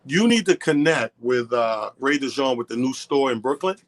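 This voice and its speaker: A man's voice: medium pitch, lively intonation, normal speed. A man, a comic co-hosting a radio show, chatting loosely and swearing casually. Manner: loose, profane, conversational.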